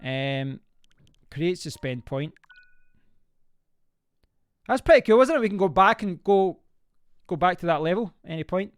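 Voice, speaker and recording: A man's voice: high-pitched, animated, unhurried, long pauses, clean tone, dry recording, clean studio sound, soft background music. A man chatting casually to viewers during a live stream, reacting aloud to the game as he plays and rambling into stories. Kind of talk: casual live-stream chat while playing.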